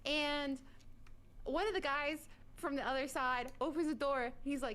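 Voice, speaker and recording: A woman in the military, telling a long, animated story in casual chat over online voice chat. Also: sits high, measured pace. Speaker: military service member. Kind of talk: casual chat on a game stream.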